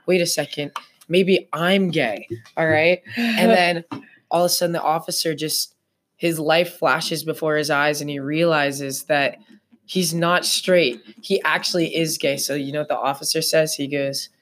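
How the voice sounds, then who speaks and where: A woman's voice: low voice, a little hiss or hum. A young woman in casual podcast chat, telling a rambling story with lots of fillers.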